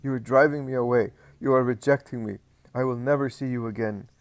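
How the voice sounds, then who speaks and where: A man's voice: medium pitch, fairly even intonation, moderate pace, dry recording, lightly acted. A man voicing a grieving old male teacher who pleads through tears in a read-aloud story. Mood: pleading, distraught. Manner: sobbing, pleading outbursts.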